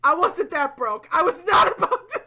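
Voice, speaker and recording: Lively, high-voiced young woman storyteller. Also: moderate pace, gravelly. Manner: animated, laughs often, many fillers. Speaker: podcast co-host. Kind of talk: casual storytelling chat.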